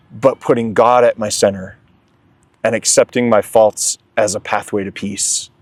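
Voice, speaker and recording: A man's voice: fairly low pitch, darkish tone, no echo. A young man sharing his recovery story in a candid, emotional way as an interview guest. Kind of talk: candid testimony.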